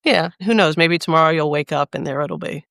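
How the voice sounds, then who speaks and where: A woman's voice: low voice, a little fast, gravelly, fairly bright tone, no room sound, studio quality. A woman hosting a podcast interview in an upbeat, encouraging way. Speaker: podcast host.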